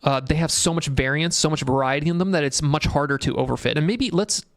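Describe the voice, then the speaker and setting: A man's voice: a little high, fast talker, no echo, clean studio sound. A man hosting a casual tech livestream, rambling in a blunt, profane way and reading chat comments aloud. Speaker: livestream host.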